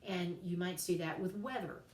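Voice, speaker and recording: A woman writing teacher giving a recorded class lecture, chatty and playful, slowing down to spell out examples. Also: on the low side, darkish tone, reverberant, recorded from a distance.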